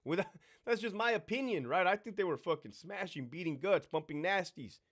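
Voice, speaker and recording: Middle-aged male streamer, brash and foul-mouthed, lively voice that swoops up and down, slightly high. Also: moderate pace. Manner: brash, swearing, animated storyteller mimicking others. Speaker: livestream host. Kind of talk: profane live Q&A storytelling.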